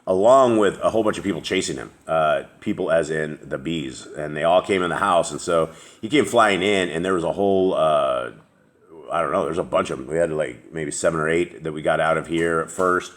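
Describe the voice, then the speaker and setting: A man with a very deep voice hosts a casual chat. He rambles along with plenty of fillers and restarts. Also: brisk. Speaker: host.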